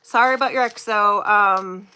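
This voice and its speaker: A woman hosting a casual live stream, chatting and giggling with viewers while slowly reading out oracle card phrases. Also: medium pitch, bright, forceful tone, clear, resonant tone.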